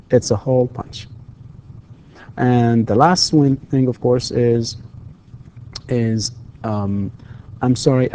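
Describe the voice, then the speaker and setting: A man's voice: mid-range voice, warm tone, slight background noise. A man giving a university English lecture, switching between explanations and English example questions. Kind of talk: recorded distance-learning lecture.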